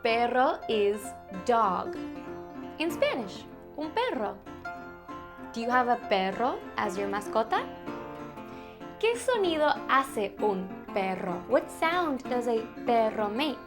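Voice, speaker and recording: A woman hosting a bilingual lesson for toddlers, speaking slowly and coaxingly in a sing-song way to small children. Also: on the high side, sing-song, music in the background. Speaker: children's Spanish teacher host.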